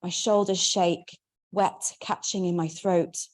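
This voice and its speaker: A woman, reading her memoir aloud in a wry, measured way. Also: on the low side, fairly even intonation, a little mellow. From Manchester, England. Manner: wry, measured first-person narration. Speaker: memoir author.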